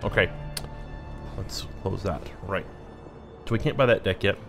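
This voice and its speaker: Man, low voice, casual let's play commentary, thinking out loud, faint music behind. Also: a little slow, creaky. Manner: thinks aloud, reads game text aloud.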